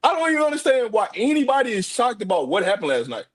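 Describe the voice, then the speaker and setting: A man guesting on a sports talk show, talking in a boastful, animated way and laughing between points. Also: high voice, quick pace. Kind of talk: sports commentary podcast.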